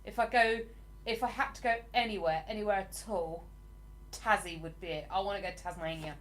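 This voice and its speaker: A woman's voice: mid-range voice, brisk, fairly bright tone. This is a woman from the south of England who hosts her own livestream. She talks in an easy, enthusiastic way, reading out comments and laughing often. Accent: southern English. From England (Hertfordshire). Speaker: livestream host. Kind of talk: casual live chat, reading viewer comments.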